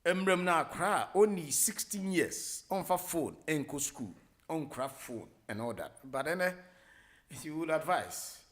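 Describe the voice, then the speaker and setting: A middle-aged man with a Ghanaian accent hosting a radio talk show, rambling casually, mixing English with Twi and filling pauses with many hesitations. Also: a little high, animated, fairly bright tone. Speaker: radio host.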